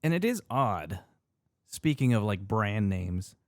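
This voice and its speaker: A man co-hosting a podcast in casual chat, animated, laughing as he rants, fussy about pronunciation. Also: fairly low pitch, slow pace, dry recording, clean studio sound. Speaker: podcast co-host.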